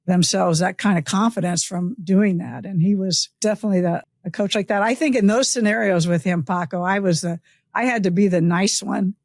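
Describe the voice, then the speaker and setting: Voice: medium pitch, steady tone, brisk. An interviewer and former coach, reminiscing casually and asking about a guest's career, often laughing.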